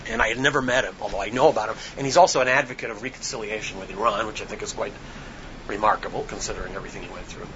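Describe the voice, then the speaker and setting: A man, an author on a panel, telling a history story in a lecture style, halting often with ums and restarts. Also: fairly low pitch, steady tone, a bit bright, dull audio, slight background noise.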